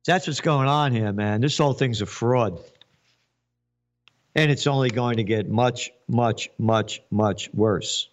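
A man's voice: mid-range voice, takes it slowly, muffled recording. A man hosting a commentary show, ranting sarcastically with mocking asides and wordplay. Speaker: host.

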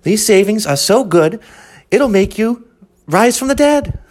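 A man's voice: lively intonation, a little slow, darkish tone. A man voicing a flustered animal-shelter ad announcer who keeps redoing his takes. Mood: cheery pitch. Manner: cheery ad pitch breaking into irritated rants.

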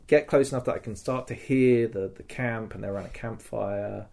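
A man's voice: lowish voice, brisk, creaky, a little mellow. A man on a podcast, telling a story in casual chat, swearing freely and acting out the scenes with sound effects. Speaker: podcast host.

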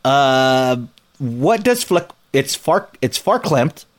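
A man's voice: mid-range voice, big pitch swings, slow pace. A man co-hosting a casual podcast, blunt and impatient, keeps pushing the show along. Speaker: podcast co-host.

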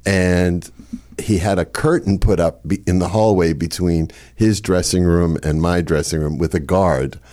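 Older male comic, somewhat low voice, wry anecdotal delivery, chuckles at own punchlines. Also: fairly even intonation, a little slow, mellow. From Boston area. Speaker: comedian guest. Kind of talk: storytelling interview.

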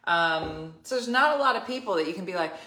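Middle-aged female host, chatty, lower voice, recorded in an echoey room. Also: brisk. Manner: animated, laughs often, acts out quoted people. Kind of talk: casual storytelling chat. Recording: roomy echo.

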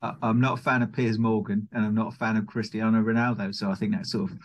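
Man, low-ish voice, deadpan wry panelist. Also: quick pace. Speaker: podcast panelist. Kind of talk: casual chat among friends.

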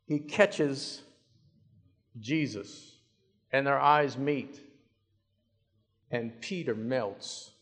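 A male preacher delivering a sermon, telling the story dramatically and swinging between hushed and loud passages. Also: fairly high pitch, lively intonation, very slow, long pauses. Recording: long hall reverb.

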